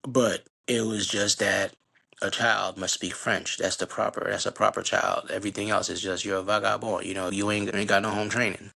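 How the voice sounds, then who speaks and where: A middle-aged man from Haiti, a podcast guest telling animated, slangy stories about growing up. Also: fairly low pitch, moderate pace, creaky, slightly rough. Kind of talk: casual storytelling conversation.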